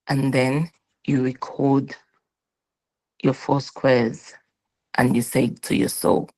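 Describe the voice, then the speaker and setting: A woman's voice: sits low, normal speed, rough recording. A woman giving a motivational talk, emphatic and instructive, acting out little dialogues with her own soul. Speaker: motivational speaker.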